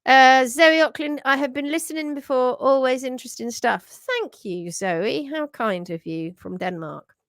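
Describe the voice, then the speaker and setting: A middle-aged woman hosts a live stream, chatting casually and greeting viewers warmly as she reads their comments aloud. Her voice is high and unhurried, with hardly any pauses, and she often restarts sentences and laughs. The recording is dry and studio quality.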